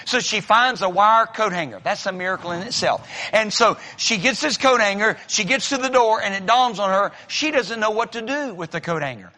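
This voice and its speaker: A man's voice: sits high, expressive, normal speed, few pauses, pushed and bright. A man preaching a sermon as pastor, telling folksy stories and acting out the voices of the people in them. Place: church sanctuary. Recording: long reverb of a large hall.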